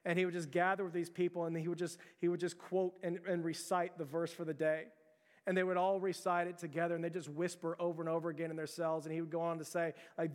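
A man's voice: fairly high pitch, little pitch movement, fast talker. A man preaching a sermon as pastor, earnest, often restarting his words and calling out to the church. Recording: long hall reverb.

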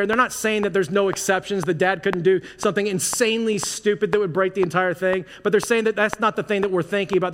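Man, pastor, casual conversational sermon, high voice, faint noise behind. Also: a bit bright. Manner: casual, conversational preaching with frequent "like". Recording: long hall reverb, faint noise.

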